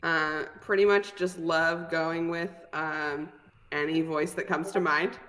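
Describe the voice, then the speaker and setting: A woman's voice: low voice, steady tone, slow, fairly bright tone, big-room sound. A woman from the United States chatting casually, upbeat and joking. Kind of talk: casual chat.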